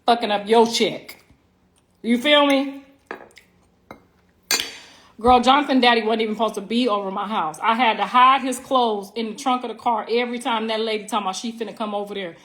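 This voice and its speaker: A middle-aged livestream host chats casually to her viewers from home via phone, brash, profane and teasing, drawing out words for emphasis. Her slightly high voice is fairly bright with a steady tone, fairly quick delivery and long pauses.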